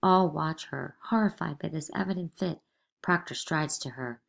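Woman reader, lowish voice, measured, expressive, stage directions. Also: vocal fry.

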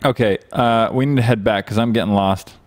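A man's voice: fairly low pitch, fairly quick, no room sound. A young man in his twenties, a gaming streamer, chatting casually and teasing while he plays. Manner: teasing, joking, laughs often. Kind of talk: casual gameplay chat.

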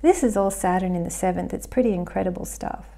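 Gravelly Australian woman chatting astrology. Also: lowish voice, quick pace, mellow. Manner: chatty, thinking aloud with restarts. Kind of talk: casual astrology commentary to camera.

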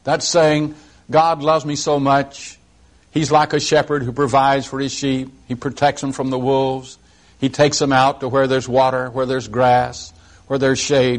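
A mild-mannered male preacher delivering a sermon, speaking slowly and deliberately and reciting scripture in measured tones. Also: medium pitch.

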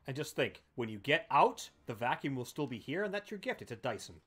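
A man's voice: medium pitch, very animated, a little fast, fairly bright tone, slightly rough. A man hosting a let's play, giving casual commentary in a playful, bragging way with some swearing.

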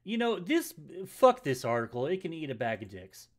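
A man's voice: a little high, huge pitch swings, normal speed. A man hosting a casual gaming news chat on a live stream, rambling and stumbling with many fillers and a lot of swearing. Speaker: podcast host. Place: home setup, live stream.

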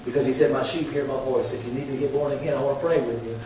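A male pastor preaching a sermon, swinging from loud, impassioned calls to hushed prayer. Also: mid-range voice, steady tone, very fast, a little hiss or hum. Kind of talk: sermon with altar call and prayer. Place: large church sanctuary. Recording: very echoey hall, mic distant.

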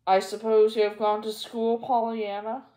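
A woman's voice: on the high side, level tone, moderate pace, warm tone, pitched above the performer's own voice, close to an everyday voice. A woman voicing a stern, strict middle-aged aunt who speaks in a clipped way. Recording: echoey room.

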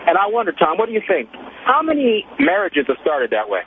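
On a call-in show, a high-voiced male caller tells his story casually, with brisk, animated, chatty energy. The phone line sounds tinny with a faint hiss.

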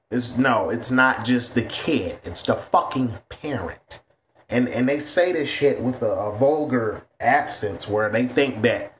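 A man's voice: mid-range voice, a little slow, a little hiss or hum. A man ranting to camera in a vlog, blunt and heavy on profanity. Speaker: vlogger.

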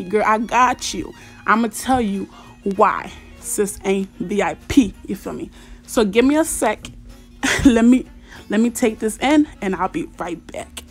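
A young woman commenting on her mobile game in a chatty, slang-heavy way, breaking into excited squeals and shouts. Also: mid-range voice, a little slow, soft background music. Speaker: gaming YouTuber. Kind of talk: casual gameplay commentary.

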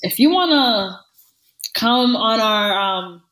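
A woman co-hosting a podcast in casual chat, talking in an animated, emphatic way and repeating phrases for stress. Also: a little high, slow, low-quality recording. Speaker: podcast co-host.

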